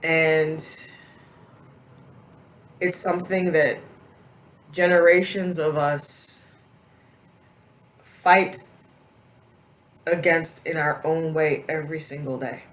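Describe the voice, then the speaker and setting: Woman vlogging, real slow and halting, close to tears. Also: low-pitched, fairly even intonation. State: holding back tears. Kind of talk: emotional personal vlog.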